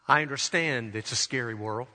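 A man preaching a sermon as a pastor, earnest and slowing down to stress key words. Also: medium pitch, bright, forceful tone. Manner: earnest preaching, slows for emphasis. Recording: long hall reverb.

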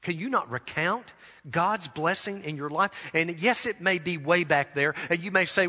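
A pastor delivers an earnest sermon in a bright, forceful voice that sits a little high. He slows down to drive a point home. A long reverb trails his words around a church sanctuary. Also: animated. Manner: earnest preaching, slows for emphasis.

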